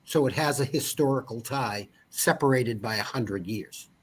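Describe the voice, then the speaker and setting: A man's voice: medium pitch, normal speed, slight background noise. A man in his fifties, an insurance agent and guest, chatting casually and telling rambling stories full of asides. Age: 50s. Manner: rambling storyteller, many asides. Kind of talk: casual interview chat.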